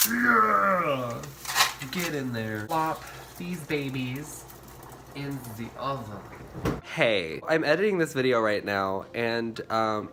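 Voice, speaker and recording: A man vlogging while he cooks in his home kitchen, campy and playful, talking to viewers as sis and honey. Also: lowish voice. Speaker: YouTuber cooking at home. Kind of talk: casual cooking vlog.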